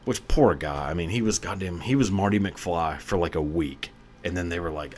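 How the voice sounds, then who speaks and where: A man with a very low voice hosts a podcast, talking loosely and casually. He rambles from point to point, swears freely, and breaks into laughter now and then. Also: moderate pace, a little mellow, slight background noise. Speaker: podcast host. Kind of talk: casual monologue.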